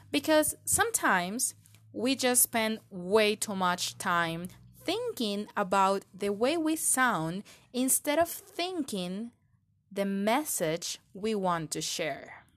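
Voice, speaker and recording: A woman's voice: fairly high pitch, fairly bright tone. A woman hosting a podcast, giving an earnest, encouraging monologue with reflective questions. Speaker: podcast host.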